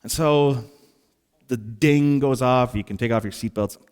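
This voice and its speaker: Guy preaching at church, mid-pitch voice, tells stories big and expressive, sighs for effect. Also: a little slow, smooth. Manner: animated storyteller, acts out exasperated sighs and asides. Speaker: pastor. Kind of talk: sermon with personal storytelling.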